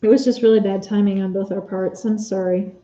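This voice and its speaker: A woman's voice: mid-range voice, fairly even intonation, fairly quick, warm tone, muffled recording. A woman chatting casually on a live stream while she sews at home, answering viewers' comments by name. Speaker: Etsy shop owner live-streaming while sewing.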